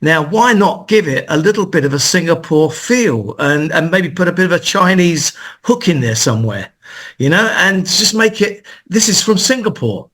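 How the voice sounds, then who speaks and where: A man on a radio panel giving measured, conversational, constructive criticism as a record producer. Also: on the high side, expressive, fairly bright tone.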